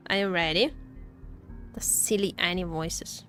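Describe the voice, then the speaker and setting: A woman's voice: lowish voice, fairly even intonation, unhurried, fairly bright tone, soft background music. A woman streamer chatting casually while playing, giggling and fussing over her setup. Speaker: game streamer. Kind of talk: casual gameplay chat.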